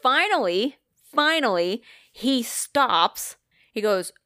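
A woman's voice: mid-range voice, normal speed, no echo, studio quality. Rambling, swearing woman podcast host. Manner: rambling, animated, swears freely, fillers like "like" and "kinda". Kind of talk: casual storytelling chat.

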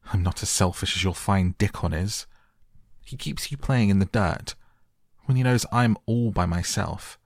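A man's voice: fairly low pitch, moderate pace, creaky, no echo, studio quality, pitched above the performer's own voice. A man doing a spoiled, sickly, whining boy. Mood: petulant. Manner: whiny, sneering.

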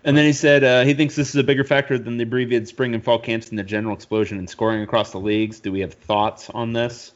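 A man's voice: medium pitch, steady tone, fast talker, hardly any pauses, lo-fi sound. A man co-hosting a podcast in casual chat, reading listener mail and searching things up aloud. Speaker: podcast co-host.

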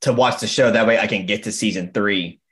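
A man's voice: fairly low pitch, fairly quick, a bit bright. A man chatting casually on a podcast, easygoing, with casual slang.

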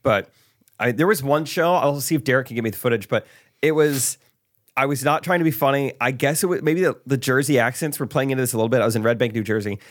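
A man's voice: medium pitch, quick pace, dry recording, studio quality. A young man, a podcast co-host and stand-up comedian, telling stories in a casual chat and acting out voices from his shows. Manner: animated, acts out crowd voices.

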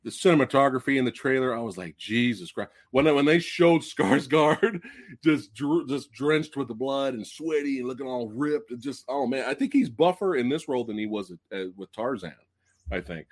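A man hosting a casual movie review livestream, excitable and profane, swinging from loud outbursts to low mutters. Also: normal speed. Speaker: podcast host.

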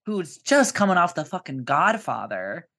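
A woman's voice: lowish voice, sing-song, moderate pace, creaky, fairly bright tone, breathy edge. A woman co-hosting a podcast, talking about a film casually, with emphatic, frequent swearing. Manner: profane, emphatic, swears often. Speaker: podcast co-host.

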